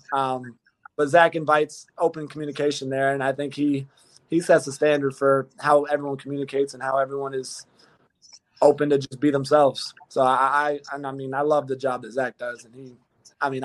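A young man in his twenties, a football player answering interview questions in a measured, modest way, often restarting his phrases. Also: mid-range voice, little pitch movement. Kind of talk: casual interview.

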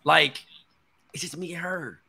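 A man's voice: a little high, measured pace, creaky, pushed and bright, slightly rough. A man in his thirties, a podcast co-host, telling a personal story in casual chat, full of slang and swearing. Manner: candid storytelling, heavy slang and profanity.

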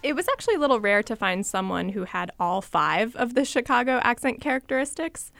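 A woman's voice: fairly high pitch, big pitch swings, fairly quick, creaky, a bit bright, soft background music. A woman radio reporter talking through an accent project in conversational narration.

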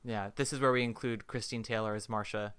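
A man's voice: on the low side, steady tone, fairly quick, fairly bright tone, clear, resonant tone. A man co-hosting a podcast in casual chat, teasing and rambling. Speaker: podcast co-host.

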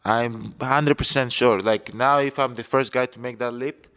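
A man's voice: medium pitch, steady tone, moderate pace, fairly bright tone, clear, resonant tone. A young man earnestly recalling a personal story in an interview, speaking emphatically. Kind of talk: interview recollection.

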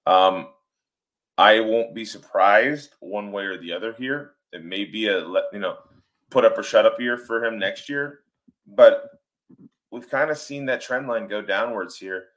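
A middle-aged man co-hosting a sports podcast, thinking aloud in a measured way with fillers. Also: lowish voice, a bit bright. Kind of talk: casual sports talk.

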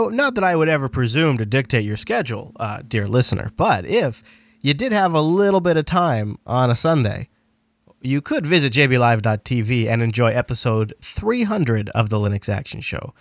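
A man's voice: medium pitch, no echo, studio quality. A man hosting a casual science podcast, rambling and playful, with a cold that strains his voice. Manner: rambling, self-correcting, playful asides. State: has a cold, losing his voice. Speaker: podcast host.

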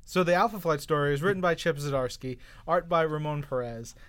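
Man, podcast co-host, casual comics chat, jokey, clear smooth voice. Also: fairly high pitch, brisk, fairly bright tone. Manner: enthusiastic, jokey, puts on silly voices.

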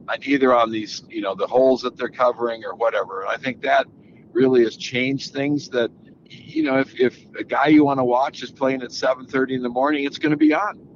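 An older man, a golf analyst guest, answering interview questions in a relaxed, rambling way with many restarts. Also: mid-range voice, vocal fry. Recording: slightly dull audio with faint background noise.

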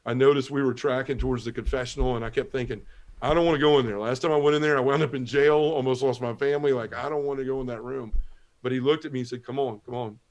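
A middle-aged man speaks fast in a mid-range, steady voice. He's a guest on a talk show, giving an earnest personal testimony for a podcast interview, walking through his story step by step with Southern turns of phrase and acting out other people's lines.

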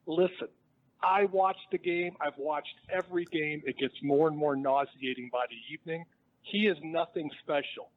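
A man's voice: fairly high pitch, normal speed. A man calling in to a live sports show, talking in an emphatic, exasperated way. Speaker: caller. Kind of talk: call-in complaint on live television. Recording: tinny phone line.

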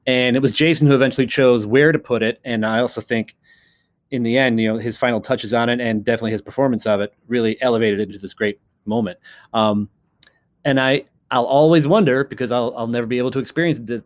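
A man of middle pitch tells behind-the-scenes stories in a loose, conversational way. He rambles, backtracks and restarts, with plenty of "um" and "you know". Now and then he slips into playful impressions of the people in his stories. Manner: rambling storyteller with many fillers and restarts; acts out quoted voices of others. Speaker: co-creator and writer of a TV series. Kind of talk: casual interview conversation.

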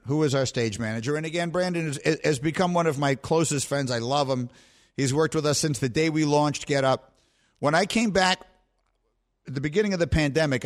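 Animated, rambling male radio host. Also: on the high side. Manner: animated, rambling storytelling with laughs. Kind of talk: casual chat on sports radio.

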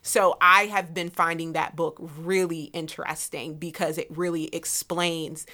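Woman cohost, bright low-ish voice, animated chatty storytelling. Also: a little slow. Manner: animated storyteller, many likes. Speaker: podcast co-host. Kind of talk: casual chat.

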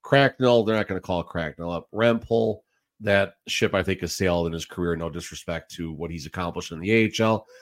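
A man's voice: deep voice, a little fast. A man co-hosting a sports podcast, opinionated and grumbling in casual chat. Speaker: podcast co-host.

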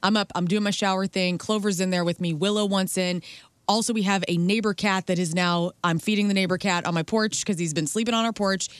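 Co-host, mid-pitched voice, dry close studio mic, chatty banter. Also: steady tone, brisk, clean tone, dry recording. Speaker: radio co-host. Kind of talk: casual morning radio banter.

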